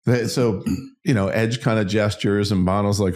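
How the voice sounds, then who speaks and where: A man's voice: lowish voice, steady tone, moderate pace, darkish tone. A man in his fifties, an interview guest, telling a personal story in a frank, self-deprecating way. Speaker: interview guest, singer-songwriter and business owner.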